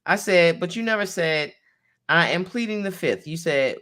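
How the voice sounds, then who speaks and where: A woman's voice: lowish voice, expressive, moderate pace, fairly bright tone. A woman attorney reading a court transcript aloud in a conversation, naming each speaker as she goes.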